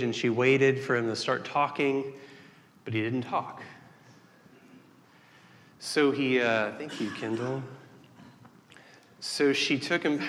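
A man's voice: medium pitch, a bit bright. A man preaching a sermon as pastor, telling a joke and a story in a folksy way with many restarts. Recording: long hall reverb.

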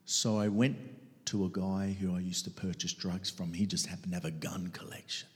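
A middle-aged man preaching his testimony dramatically, swinging between loud outbursts and hushed whispers. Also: low voice, steady tone, normal speed. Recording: long reverb of a large hall.

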